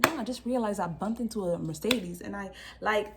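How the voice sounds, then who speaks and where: A young woman telling a casual storytime vlog, animated and full of slang, acting out quotes with laughs. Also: mid-range voice, fairly quick, creaky, very noisy. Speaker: vlogger.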